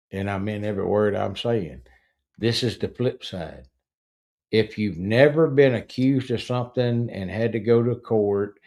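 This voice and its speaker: A middle-aged man, hosting a casual true-crime talk show, who tells the story slowly and with emphasis, restarting sentences and growing indignant. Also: mid-range voice, warm tone. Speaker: podcast host.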